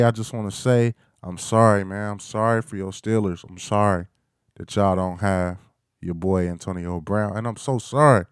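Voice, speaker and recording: Hyped young man talking sports, low voice. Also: darkish tone, smooth, no room sound, studio quality. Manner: hyped, playful trash talk with chants. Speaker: podcast host. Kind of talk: casual solo sports talk.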